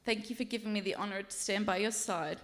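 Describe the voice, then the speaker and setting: A woman's voice: medium pitch, fast, fairly bright tone. A woman giving a maid of honor speech at a wedding reception, reading a prepared toast and laughing and tearing up along the way.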